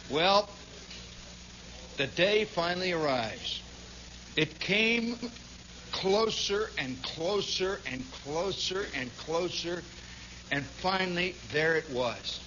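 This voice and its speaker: A man telling a long personal story as a radio monologue, animated, swinging from hushed to shouting. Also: high-pitched, highs cut off, slight background noise.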